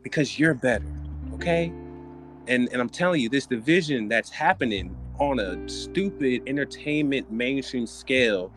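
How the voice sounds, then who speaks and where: A man hosts a casual podcast, riffing in an animated, profane and joking way with frequent restarts. His voice sits in an ordinary middle pitch. Music plays clearly underneath him. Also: normal speed. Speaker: podcast host. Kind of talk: casual comedic podcast chat.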